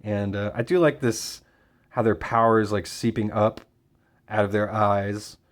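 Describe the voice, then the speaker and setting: A man casually summarizing and reviewing a comic book issue, talking with frequent fillers and pauses. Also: on the low side. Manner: relaxed, hesitant with fillers.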